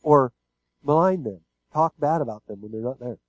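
A man's voice: mid-range voice, lively intonation, moderate pace, no room sound, muffled recording. A pastor giving a sermon, speaking casually and asking his listeners one rhetorical question after another. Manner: conversational preaching with frequent rhetorical questions.

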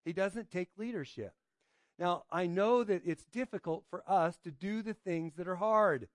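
A pastor giving an informal sermon, reading scripture and asking his listeners questions, often adding "right?" and pausing on fillers. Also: high voice, no room sound, studio quality. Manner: hesitant, with frequent fillers and restarts.

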